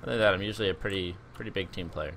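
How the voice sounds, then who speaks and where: A young man giving joking, excitable commentary over his own gameplay as a video host. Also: deep voice, very fast, noisy background. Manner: animated, joking, exclaims at the game.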